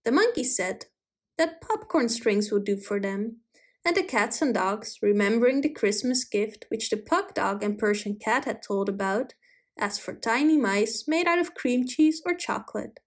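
A woman reading a children's animal story aloud, gently and slowly, putting small voices on the animals. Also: a little high, expressive. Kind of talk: storybook read-aloud narration.

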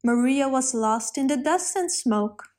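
A woman narrating a children's storybook in a calm, clear read-aloud manner. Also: high-pitched, a little slow.

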